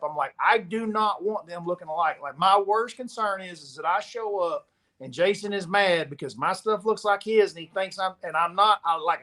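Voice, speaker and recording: A man with a slightly raised voice spins a casual yarn among friends. He slips into the voices of the people in his story with lively, animated delivery. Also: high-pitched. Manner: animated storyteller, acts out quoted dialogue. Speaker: pro angler guest.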